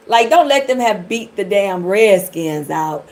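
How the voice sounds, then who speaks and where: A woman's voice: mid-range voice, expressive, takes it slowly, a little hiss or hum, rough recording. A middle-aged woman from the Detroit area giving a live tarot reading, chatting and rambling straight to her viewers. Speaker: tarot reader.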